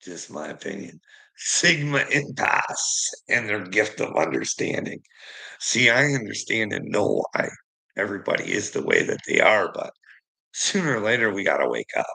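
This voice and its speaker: A man's voice: lowish voice, big pitch swings, moderate pace, vocal fry, sharp tone, slightly rough, low-quality recording. A man delivering a heated, profane rant to his viewers, confrontational and swearing constantly. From Canada. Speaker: streamer.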